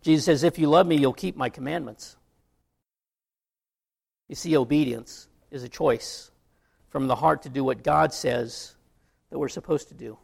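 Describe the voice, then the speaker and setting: Gravelly preaching man. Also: medium pitch, moderate pace, long pauses. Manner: conversational storytelling preacher. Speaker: pastor. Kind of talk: sermon with illustration story.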